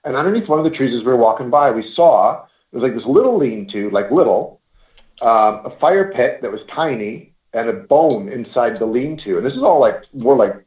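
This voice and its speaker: A man's voice: medium pitch, animated, a little fast. A man in his forties from Canada, telling rambling stories in a casual chat and swearing now and then. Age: 40s. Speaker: paranormal investigator guest. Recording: roomy, dull lo-fi call audio.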